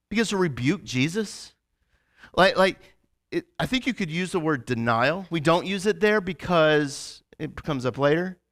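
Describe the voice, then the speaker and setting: A male pastor giving a sermon in a casual, animated storytelling way, with lots of fillers and restarts. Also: high voice.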